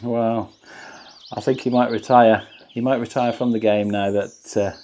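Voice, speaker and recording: A camping vlogger, unhurried and darkish-toned, chats jokily and enthusiastically while filming his back-garden camp outdoors with his phone. His medium pitch holds a fairly even intonation in this casual vlog.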